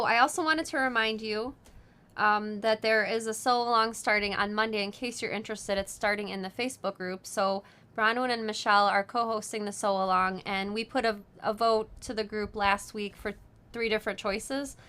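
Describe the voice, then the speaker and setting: A woman's voice: mid-range voice, steady tone, normal speed, sharp tone, clear, resonant tone. A woman hosting a casual live show, chatting with lots of ums and easy laughter. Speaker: host of a sewing live show. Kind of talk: casual live-stream chat.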